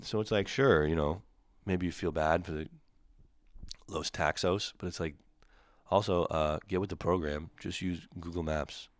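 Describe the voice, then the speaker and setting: A man's voice: sits low, steady tone, measured pace, dry recording. A young man from Canada ranting casually and profanely, exasperated and mocking the people he describes. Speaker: comedian ranting solo. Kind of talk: casual comedic rant.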